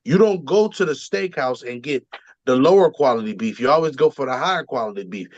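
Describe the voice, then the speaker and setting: A man chatting casually on a sports podcast, his talk full of ums and restarts. The voice sits at a middle pitch, close and dry, with slightly dull, muffled audio. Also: lively intonation, a little fast, dry recording. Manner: rambling, frequent ums and restarts. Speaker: podcast co-host.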